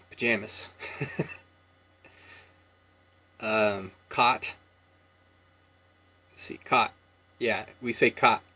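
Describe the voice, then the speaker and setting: A man in his thirties from Washington State with a Washington State accent, talking casually through an accent tag with lots of ums and small laughs. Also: fairly low pitch. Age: 30s. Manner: relaxed and rambling, many ums and chuckles.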